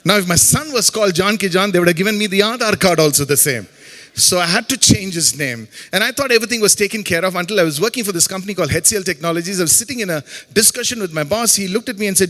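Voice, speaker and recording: A man's voice: sits high, expressive, fast talker, pushed and bright. A middle-aged man from Chennai with an Indian English accent, giving a humorous, faith-based talk as a guest speaker and tossing jokey asides to the audience. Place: campus auditorium. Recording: long hall reverb in an auditorium.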